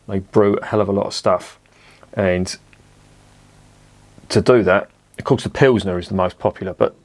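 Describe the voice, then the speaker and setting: Bloke with a lowish voice, chatty and blunt, swears a bit while reviewing a beer. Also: male voice. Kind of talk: casual video review.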